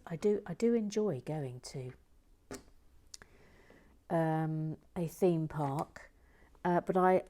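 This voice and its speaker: A woman hosting a relaxed real-time LEGO build, murmuring to herself, often slipping into a whisper, and reading out viewer comments. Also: sits low.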